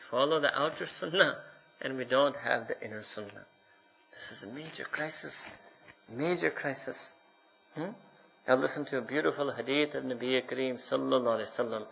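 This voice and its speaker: A man's voice: fairly high pitch, gravelly, bright, forceful tone, husky. A man preaching a sermon as a mufti, scolding his listeners with rhetorical questions and frequent "hmm?". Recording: dull lo-fi recording.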